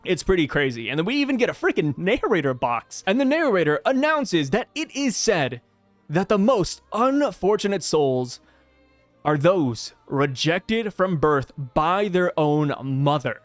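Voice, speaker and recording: Man, host, casual review chat, very animated pitch, faint music underneath. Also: no room sound. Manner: excitable, slangy, quick asides. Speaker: manga review channel host. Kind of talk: casual video commentary.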